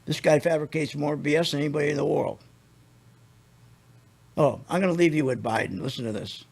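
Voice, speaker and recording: A man's voice: a little high, fairly quick, vocal fry, a little mellow, husky. An older man hosting a radio show, ranting in a blunt, indignant, rambling way.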